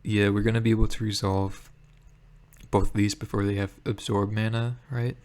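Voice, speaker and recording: A man giving casual commentary on his own card game, thinking aloud with many pauses and fillers. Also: on the low side, little pitch movement, darkish tone. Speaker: gameplay streamer.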